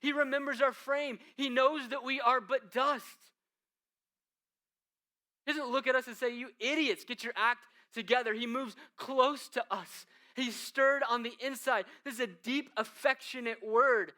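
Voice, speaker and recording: A man preaching a sermon as the church's pastor, in a conversational style with asides, moving between hushed and emphatic delivery. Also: extremely high pitch, fairly even intonation, measured pace. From United States.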